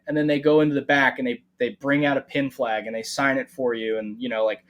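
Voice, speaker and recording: A man's voice: medium pitch, fairly quick, few pauses. A man co-hosting a golf podcast, telling stories in casual chat and swearing freely. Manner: animated storyteller, swears freely. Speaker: podcast co-host.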